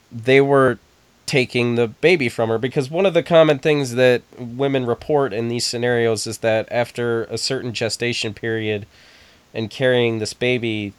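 A man with a smooth, resonant voice in a casual podcast chat. He explains in a measured way, and the sound is dry and close. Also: mid-range voice, no room sound.

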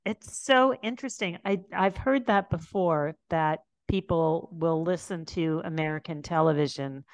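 Low-voiced woman podcast host. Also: unhurried, no room sound. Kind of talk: casual interview.

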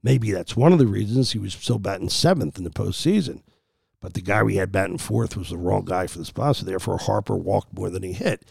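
A man's voice: low voice, a little fast, gravelly, a little mellow, husky, no room sound, clean studio sound. A man hosting a sports podcast, arguing his opinions in a heated, emphatic way.

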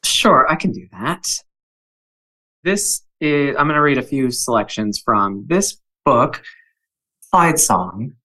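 Man, bright forceful tone, measured guest, reads poems aloud. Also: mid-range voice, animated, poor audio. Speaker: podcast guest. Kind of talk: casual chat and poetry reading.

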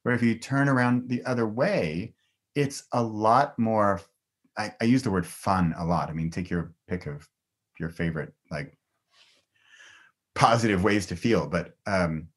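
A man's voice: lowish voice, unhurried. A middle-aged man talking as a guest on a podcast in a casual, enthusiastic way, laughing often. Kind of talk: casual conversation.

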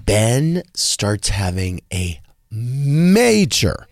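Animated man telling a story on radio. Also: extremely slow, gravelly, no room sound, clean studio sound. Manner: animated, acts out quoted voices in a higher pitch. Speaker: radio talk show host. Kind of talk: casual storytelling chat. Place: radio studio.

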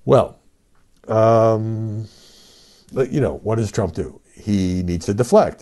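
An older man hosts a solo podcast as a media commentator, speaking conversationally with fillers and emphatic rhetorical questions. His voice is on the low side and mellow. He speaks slowly and pauses often.

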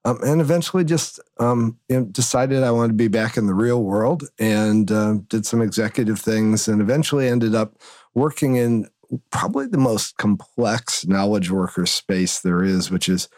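Man telling lively stories, dry close sound. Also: normal speed, no echo. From Northern Illinois. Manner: animated storyteller, swings up and down in pitch. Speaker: guest, agency consultant and author. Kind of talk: conversational podcast interview.

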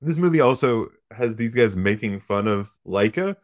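A man's voice: lowish voice, lively intonation, moderate pace, dry recording. Wry man recapping a film, dry sound. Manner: profane, wry storytelling with asides. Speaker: podcast host recapping a film. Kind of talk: casual comedic film recap.

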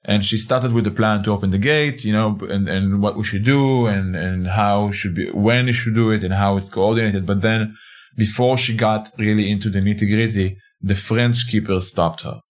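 A man's voice: lowish voice, steady tone, moderate pace. A man narrating a fiction podcast in the first person, speaking in a conversational, hesitant way with frequent restarts.

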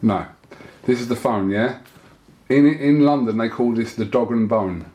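A man's voice: mid-range voice, unhurried, dark tone. A man, a podcast host, interviewing in a cheeky, jokey way. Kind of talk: casual interview banter. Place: gym. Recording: echoey room with faint noise.

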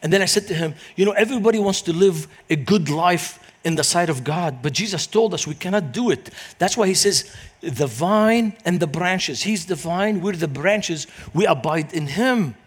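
Man, middle-aged, guest preacher, high-pitched, animated storytelling. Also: moderate pace, breathy edge. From Lebanon. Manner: animated, acts out quoted voices in anecdotes. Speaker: guest speaker, Christian minister. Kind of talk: storytelling sermon.

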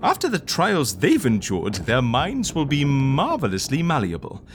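A pompous, genteel gentleman. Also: a little high, wildly swooping pitch, normal speed, slight background noise. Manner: pompous, genteel, murmurs while eating. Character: fussy, refined gentleman plotting with pirates. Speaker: interviewer.

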